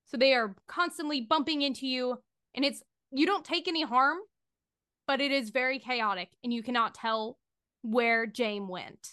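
High-voiced woman game master narrating. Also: normal speed, pushed and bright. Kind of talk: narrating a tabletop horror game.

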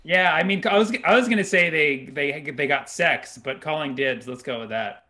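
A man's voice: on the high side, normal speed, sharp tone. A man in casual chat, joking around and laughing easily with friends. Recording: crowd chatter behind.

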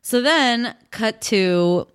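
A woman's voice: fairly high pitch, animated, extremely slow, a bit bright, smooth. A woman hosting a podcast, casually recapping a TV episode in a giggly, rambling way with lots of fillers. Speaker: podcast host.

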